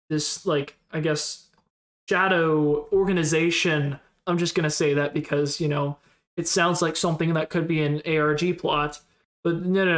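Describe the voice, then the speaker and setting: A streamer in casual live-stream commentary, thinking aloud in a rambling, unsure way and replying to chat in passing. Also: medium pitch.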